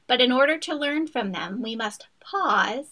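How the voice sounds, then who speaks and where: Bright upbeat female podcast host. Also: high voice, expressive, measured pace. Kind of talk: reading a scripted guest introduction.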